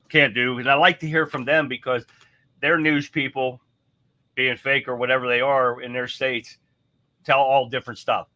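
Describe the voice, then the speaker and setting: Bright-voiced man hosting a rambling livestream. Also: medium pitch. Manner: rambling, off the cuff, blunt with mild swearing. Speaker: livestream host. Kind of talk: casual live-stream chat.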